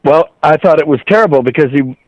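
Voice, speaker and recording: Middle-aged man telling animated stories. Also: on the high side, fast, dull audio. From Ohio, USA. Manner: animated anecdotes, acts out quoted voices. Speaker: voice actor, guest. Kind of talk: casual storytelling interview.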